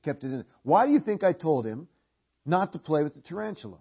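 A middle-aged man preaching a sermon in church, animated, often repeating words and clearing his throat, on a dull lo-fi recording. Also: fairly high pitch, a little fast.

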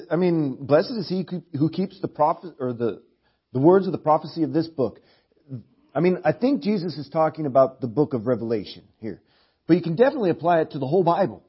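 Middle-aged male preacher, husky, lively pitch, throat-clearing restarts; dull lo-fi church tape. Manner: animated, repeats words, clears throat often. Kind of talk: sermon. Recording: dull lo-fi sermon recording.

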